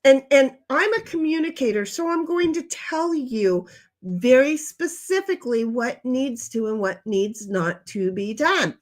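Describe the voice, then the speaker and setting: An older woman with a high voice hosts a casual livestream chat. She rambles from one comment to the next. She talks bluntly and swears now and then. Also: lively intonation, a little slow. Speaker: livestream host reading chat.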